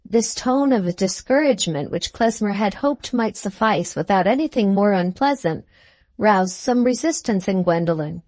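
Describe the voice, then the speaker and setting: Measured woman narrating a classic novel. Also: mid-range voice, animated, a little mellow, no room sound. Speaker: audiobook narrator.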